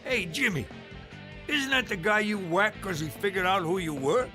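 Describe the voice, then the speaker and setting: A man's voice: high-pitched, animated, normal speed, pushed and bright, faint music behind. A man voicing a brash, crude cartoon uncle with a mobster's swagger.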